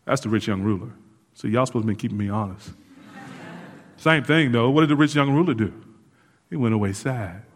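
A man preaching a sermon as pastor, lively and casual with asides and laughs to the congregation. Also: medium pitch, a little fast, pauses often. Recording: hall reverb.

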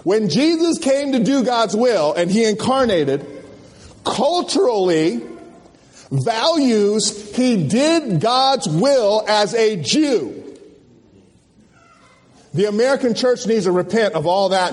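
A man preaching a sermon at a conference, animated and folksy, firing questions at the crowd. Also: high-pitched, slow pace. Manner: animated, call-and-response questions, folksy slang. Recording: long hall reverb.

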